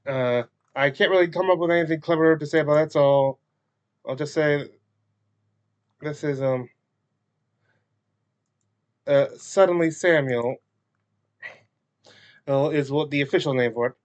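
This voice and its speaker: A man's voice: on the high side, a little slow, pauses often. A man hosting a casual spoken recap, hesitant and full of fillers and restarts. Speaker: recap video host. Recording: dull lo-fi recording.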